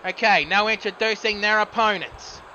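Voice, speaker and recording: A man's voice: high voice, normal speed, pushed and bright, lo-fi sound, a little hiss or hum. Chatty Australian man commentating a game. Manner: chatty, self-correcting, mutters at the game. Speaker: gaming streamer. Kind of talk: casual gameplay commentary.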